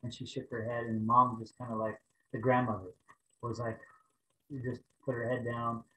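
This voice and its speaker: A man preaching over a video call, telling a personal story in an animated way and raising his voice for the prayers. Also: medium pitch, moderate pace, reverberant, a little hiss or hum, rough recording. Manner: animated storytelling, rising to loud exclaims when acting out prayers. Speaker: pastor.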